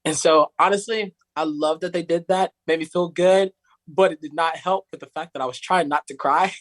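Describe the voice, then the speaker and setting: A man's voice: on the high side, steady tone, moderate pace, a bit bright. A young man from Tennessee, telling a story in a rambling, casual way, full of "like". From Tennessee, USA. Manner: rambling, heavy use of "like", acts out voices of others. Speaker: podcast guest, singer.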